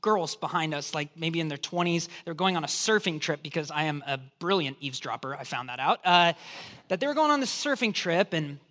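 A man preaching a sermon as pastor, telling a humorous story in an animated, joking way. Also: fairly high pitch, a little fast. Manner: animated, joking storyteller, acts out quoted voices.

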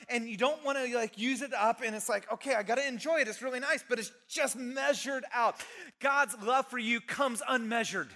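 A middle-aged man preaching an animated, conversational sermon, dropping at times to a soft near-whisper. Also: very high voice. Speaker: pastor. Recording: long reverb of a large hall.

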